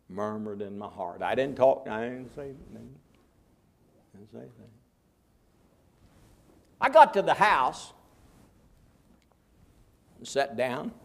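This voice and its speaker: Folksy gravelly-voiced preacher. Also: male voice, mid-range voice, expressive, measured pace, pauses often. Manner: folksy preaching with swings from murmurs to loud exclaims. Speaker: pastor. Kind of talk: sermon.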